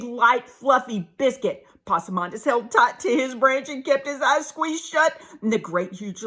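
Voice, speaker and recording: A woman reading a children's picture book aloud, expressive, with hushed asides to her listeners. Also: sits high. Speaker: storybook reader.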